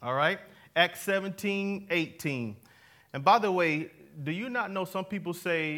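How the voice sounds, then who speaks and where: Male pastor with a high voice, conversational sermon full of call-and-response, talking to a live congregation. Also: pushed and bright. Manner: conversational, jokey preaching. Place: church before a live congregation.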